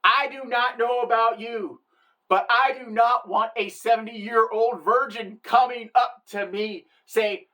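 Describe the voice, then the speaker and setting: A woman's voice: on the high side, steady tone, a little slow, pushed and bright. A woman giving an irreverent, wisecracking satirical comedy monologue, bragging and joking about the church.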